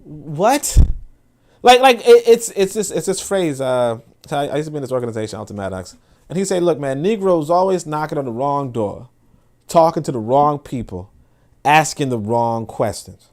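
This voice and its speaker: A man hosting a podcast livestream, reading comments and reacting in casual, animated commentary with swearing and repeated words. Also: a little high, moderate pace. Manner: animated, profane, repeats himself. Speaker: podcast host.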